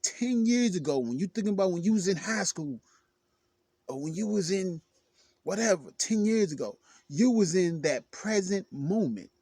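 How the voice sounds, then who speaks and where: A man delivers an emphatic self-help monologue, pressing his points by repeating them. His voice sits a little high for a man. The recording is close and dry, with no room echo. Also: animated, normal speed, warm tone, slightly rough. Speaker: motivational speaker.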